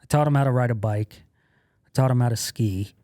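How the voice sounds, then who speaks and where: A man in his thirties, a podcast guest, telling stories in a casual, profane way, laughing often and acting out loud quotes. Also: medium pitch, brisk, no echo, clean studio sound. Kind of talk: casual storytelling.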